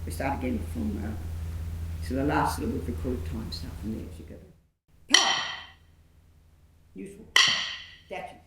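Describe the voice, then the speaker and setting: A woman theatre director coaching actors through a rehearsal, enthusiastic and calling out sharp commands. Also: expressive, moderate pace, gravelly, pauses often. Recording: echoey room, faint rumble.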